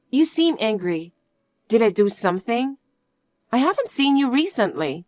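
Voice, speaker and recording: A woman's voice: on the high side, big pitch swings, moderate pace, a little mellow, dry recording. A young woman telling her own story in a one-voice narration, outspoken and indignant. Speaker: storyteller, main character.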